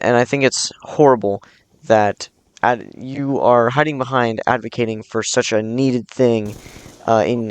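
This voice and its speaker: A man with a somewhat low voice gives casual, earnest commentary straight to his audience. He often stumbles over words, repeats himself and fills pauses with uh and um. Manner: earnest, with frequent fillers and restarts. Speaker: video commentator.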